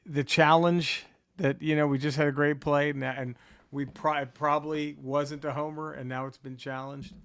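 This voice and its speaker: A man's voice: a little high, level tone, normal speed, fairly bright tone, no echo. A man who is a comedian and podcast co-host, talking in casual chat, profane and emphatic with stammering restarts.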